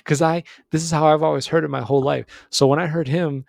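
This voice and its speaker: A young adult man hosting a casual self-improvement talk, rambling and animated, correcting himself and calling the listener "bro". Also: fairly high pitch, quick pace, gravelly, no room sound. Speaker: self-improvement video host.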